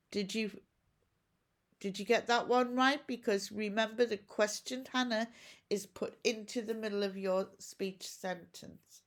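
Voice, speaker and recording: A woman's voice: medium pitch, steady tone, measured pace. A woman teacher giving a recorded home-learning lesson, explaining each step patiently and asking questions as she goes. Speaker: primary school teacher.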